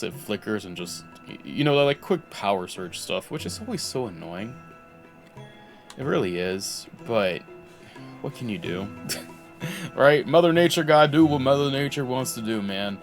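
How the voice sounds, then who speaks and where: A male streamer chatting casually while playing, rambling and laughing as he goes. His voice sits a bit low, and soft music runs quietly in the background. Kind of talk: casual chat while gaming.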